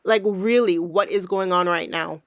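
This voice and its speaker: A woman's voice: lowish voice, normal speed, smooth, dry recording. A woman giving sarcastic, teasing reaction commentary over video clips, recorded on a close mic. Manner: snarky, teasing.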